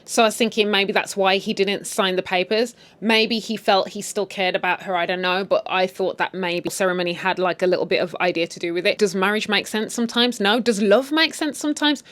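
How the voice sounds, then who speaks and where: A woman's voice: mid-range voice, a little fast, hardly any pauses, fairly bright tone. A woman casually recapping a TV series, with sassy, opinionated asides. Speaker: recap host. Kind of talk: casual story recap with commentary.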